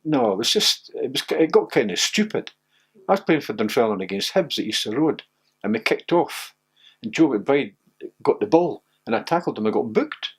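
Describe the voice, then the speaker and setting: A man's voice: mid-range voice, very animated, normal speed, breathy edge. An older Scottish man, a former footballer, reminiscing in an interview and telling stories with acted-out quotes. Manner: storytelling, laughs often, acts out quotes.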